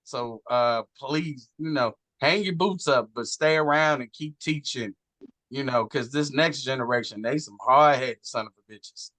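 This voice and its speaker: A man, talking casually and earnestly as a guest, animated and swearing now and then. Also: mid-range voice, measured pace, no room sound. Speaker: guest on a wrestling talk show. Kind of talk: casual heartfelt chat.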